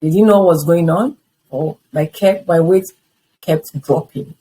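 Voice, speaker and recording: In a low-quality recording with some hiss or hum, a woman in her fifties speaks at a fairly low pitch and an unhurried pace. She's an interview guest recounting her life story, animatedly acting out the conversations she had along the way.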